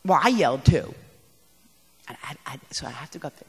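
A woman giving a talk on parenting to an audience, animated, emphatic and poking fun at herself. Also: low-pitched, a little fast, husky. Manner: animated and emphatic, self-mocking. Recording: echoey hall.

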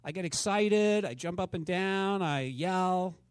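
A man in his fifties preaching a sermon, telling stories dramatically and swinging between loud exclamations and hushed asides. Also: high voice, measured pace, smooth, no echo. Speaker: pastor.

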